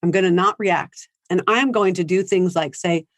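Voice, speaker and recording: A woman's voice: lowish voice, normal speed, dry recording, clean studio sound. A woman giving a parenting seminar in a conversational way, acting out what teens and parents say. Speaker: parenting speaker. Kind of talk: seminar talk. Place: high school seminar.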